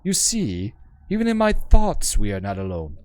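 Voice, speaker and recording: Stately game scholar woman, voiced by a man, measured and formal, with a lively rising-falling melody. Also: fairly low pitch, voice pushed down. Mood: measured, gracious. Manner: measured, formal, precise diction. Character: elegant formal woman scholar, serene hive mind.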